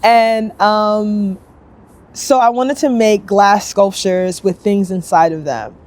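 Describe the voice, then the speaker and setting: A young woman sculptor telling her story in a casual, upbeat interview, chatty and lively, acting out other people's lines as she goes. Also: mid-range voice. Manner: chatty, upbeat, quick bursts, acts out quoted voices.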